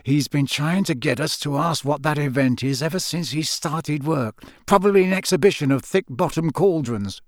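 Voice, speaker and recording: A man's voice: fairly high pitch, moderate pace, few pauses, no echo, studio quality, lightly acted. A man doing a muttering sardonic teen boy. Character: wry teenage boy, muttering.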